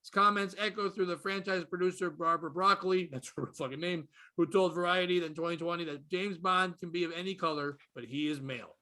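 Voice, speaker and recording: A man hosting a comedy podcast, ranting profanely and swinging from low muttering to loud outbursts. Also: a little fast, few pauses. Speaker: podcast host. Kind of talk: casual comedy podcast rant.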